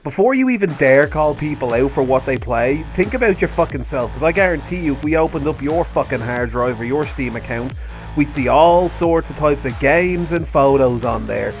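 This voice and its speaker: A man's voice: fairly high pitch, expressive, normal speed, faint music behind. A man hosting a commentary video, ranting heatedly and sarcastically with constant swearing. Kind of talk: angry rant commentary.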